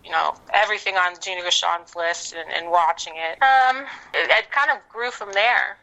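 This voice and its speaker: Bright-voiced actress chatting easily. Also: female voice, lowish voice, moderate pace, gravelly, poor audio. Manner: relaxed and easygoing, with frequent fillers. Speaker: actress and podcast guest. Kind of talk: casual interview chat.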